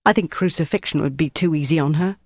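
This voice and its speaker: A man reading an audiobook, voicing a tough, tired female agent in a brisk, clipped way. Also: fairly high pitch, no room sound, clean studio sound. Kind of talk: audiobook character voice.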